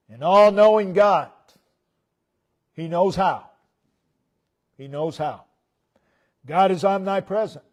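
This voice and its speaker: Man, preacher, church sermon, unhurried delivery, repeats phrases, line endings dropping soft. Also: high-pitched.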